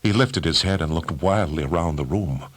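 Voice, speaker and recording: A man narrating an audiobook thriller in a measured, dramatic way. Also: deep voice, husky, dry recording. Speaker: audiobook reader.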